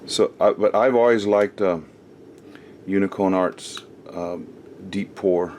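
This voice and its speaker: Working through a casual craft tutorial, this channel host speaks in a low, steady, darkish voice at a slow pace, rambling and filling gaps with ums and uhs. Because he moves around, his distance from the camera mic keeps changing, and slight background noise is present.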